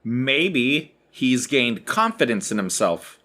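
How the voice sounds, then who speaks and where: A man co-hosting a casual podcast, chatting over a webcam call and telling jokes with animated delivery. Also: mid-range voice, takes it slowly. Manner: animated joke-telling with voices for characters. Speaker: podcast co-host.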